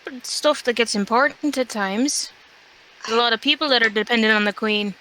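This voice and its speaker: A woman with a bright, slightly raised voice plays her character at a tabletop game. She speaks calmly and plainly. A faint hum of background noise sits under her voice. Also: a little high, a little fast, low-quality recording. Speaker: tabletop player. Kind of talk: in-character tabletop role-play.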